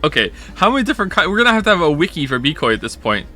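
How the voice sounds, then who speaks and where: A man's voice: on the high side, very animated, rapid-fire, bright, forceful tone, faint music behind. A man chatting casually on a stream, rambling and joking and correcting himself mid-sentence. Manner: rambling, self-correcting, jokey.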